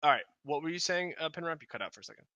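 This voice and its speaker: A man running a tabletop game as game master, narrating in a rambling, halting way full of fillers and restarts, over an online call. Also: on the high side, expressive, pushed and bright, dry recording.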